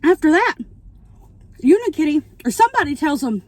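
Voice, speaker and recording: High-voiced woman rambling a plot recap. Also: fairly quick, no room sound. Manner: rambling, animated, acts out quotes. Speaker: vlogger. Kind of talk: casual mukbang plot recap. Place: in a parked car. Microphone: phone camera.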